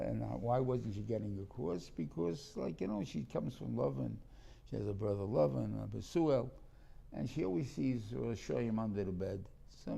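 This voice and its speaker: A man's voice: mid-range voice, vocal fry, mellow, husky. A man teaching a Torah class in a rambling, conversational way, often restarting his sentences and mixing in Hebrew terms.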